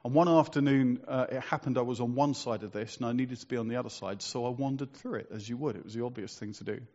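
A man's voice: mid-range voice, fast, darkish tone, lo-fi sound. A man preaching a sermon in a conversational, storytelling way, asking rhetorical questions.

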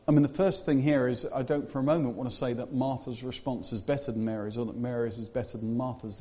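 Guy giving a church sermon, relaxed chatty preaching, warm low tone, kinda muffled recording. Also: slight background noise. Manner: conversational preaching with frequent fillers and asides.

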